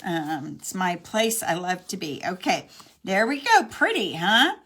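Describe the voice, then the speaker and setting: A woman's voice: lowish voice, sing-song, unhurried, fairly bright tone, breathy edge. A woman in her sixties from Texas with a slight Texas accent, chatting her way through a live card-making demonstration in her home craft room, full of rambling, self-deprecating asides. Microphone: camera on a long arm stand.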